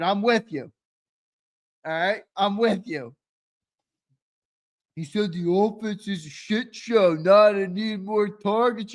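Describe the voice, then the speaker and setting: Brash, profane sports talk co-host man. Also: high-pitched. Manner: loud and animated when ranting. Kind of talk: live sports talk stream.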